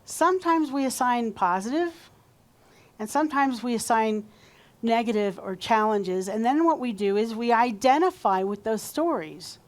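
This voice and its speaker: A woman's voice: on the high side, lively intonation, normal speed. A woman pastor giving a sermon in a church, talking conversationally and leading the congregation in call-and-response. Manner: warm conversational preaching, leads call-and-response. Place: church sanctuary.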